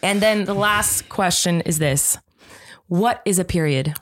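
In a relaxed, unhurried delivery, a woman in her thirties with a fairly low voice co-hosts a podcast. She tells family stories in a casual, chatty way and laughs often.

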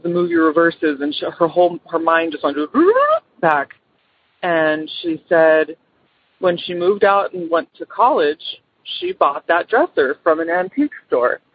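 A woman's voice: fairly low pitch, slightly rough, no echo. A woman caller chattily telling a friend's ghost story over the phone, rambling with fillers and quoting the people in it. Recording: phone line.

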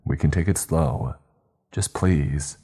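A man's voice: a bass voice, takes it slowly, mellow, slightly rough, heavily acted. A man voicing an anxious, sweaty young man who pleads and presses with questions while reading a story aloud. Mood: pleading. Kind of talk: storytelling narration.

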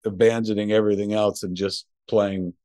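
Low-voiced man telling a profane story. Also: flat delivery, moderate pace, mellow, no room sound, clean studio sound. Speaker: podcast co-host. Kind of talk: casual chat. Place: home.

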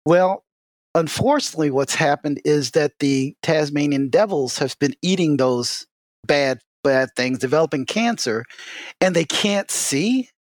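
Animated man with a high voice. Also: a little slow, no echo, studio quality. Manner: animated storyteller, many "you know" fillers; lively, swings in pitch. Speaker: guest expert. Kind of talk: casual explanatory interview talk.

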